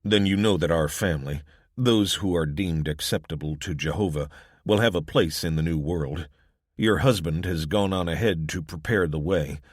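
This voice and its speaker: A man's voice: deep voice, normal speed, dry recording, clean studio sound. A male narrator voicing a formal, preachy male religious recruiter in an audiobook, speaking in a stilted way.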